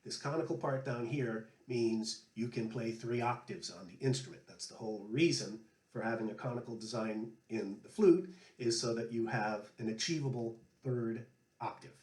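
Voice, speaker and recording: A man hosting, a flute player telling a relaxed story and giving music tips. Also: medium pitch, moderate pace. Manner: chatty, anecdotal, relaxed. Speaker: flute player and show host. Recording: echoey room.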